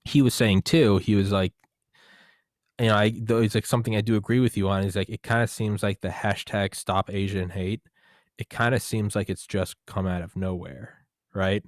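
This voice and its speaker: Low-voiced American podcast host, dry. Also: male voice, fairly even intonation, normal speed, no echo. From United States. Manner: swearing, rambling, jokey. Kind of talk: casual podcast chat.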